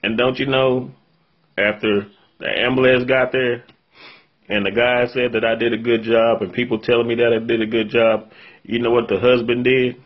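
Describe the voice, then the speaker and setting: A man's voice: mid-range voice, little pitch movement, moderate pace, dull audio. A man talking straight to his viewers, recounting something hard that happened to him, earnest and shaken after crying. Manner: earnest, heartfelt, addresses viewers directly. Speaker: vlogger recounting a personal event. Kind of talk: emotional first-person story to camera.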